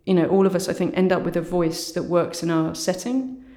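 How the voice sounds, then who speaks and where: A woman artist with a low voice, speaking thoughtfully as an interview guest and often saying "you know" and "sort of". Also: flat delivery, a little fast, mellow. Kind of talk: reflective conversational interview. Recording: roomy echo.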